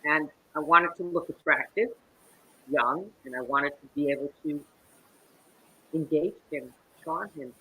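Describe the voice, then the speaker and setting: Brief: woman, bright husky voice, theatrical storyteller, video call interview. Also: deep voice, unhurried, pauses often, poor audio. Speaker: guest actress. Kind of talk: interview conversation.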